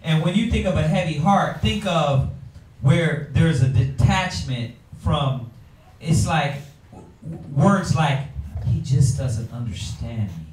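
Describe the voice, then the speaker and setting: Man, slightly high voice, playful Bible class speaker, echoey room, distant mic. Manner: drawn-out, playful, acts out quotes.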